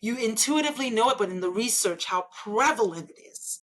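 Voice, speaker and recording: A woman's voice: on the high side, animated, brisk, a bit bright, rough recording. A woman from Nigeria, speaking as an interview guest. She argues emphatically and persuasively, often tagging her points with "right?". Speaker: interview guest, engineer and elected official. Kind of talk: conversational interview.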